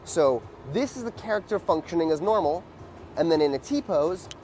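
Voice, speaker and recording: A man teaching a dance lesson in a loose, casual way, with many fillers and beat sounds like "boom.". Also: animated, normal speed, a little mellow, soft background music.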